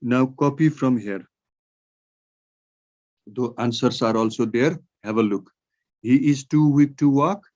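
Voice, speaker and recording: A man with a Nepali accent teaching English grammar in an online class, dictating sentences slowly word by word. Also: medium pitch, a little mellow, highs cut off.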